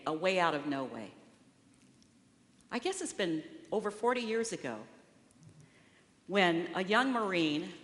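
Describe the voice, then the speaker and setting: Expressive woman speaker in a big hall. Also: lowish voice. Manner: storytelling, expressive. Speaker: guest speaker. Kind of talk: sermon. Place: church sanctuary. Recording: long reverberant hall.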